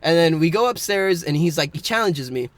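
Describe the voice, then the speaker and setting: A man's voice: on the high side, lively intonation, a little fast, dry recording. A young man co-hosting a casual podcast, rambling through a story and laughing often. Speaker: podcast co-host.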